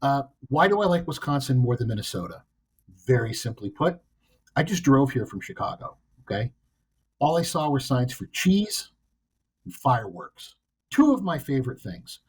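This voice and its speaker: A man's voice: mid-range voice, big pitch swings, moderate pace, slightly rough. A man from the US East Coast co-hosting a podcast, telling a story in a blunt, wry, self-deprecating way. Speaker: podcast co-host. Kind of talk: casual chat.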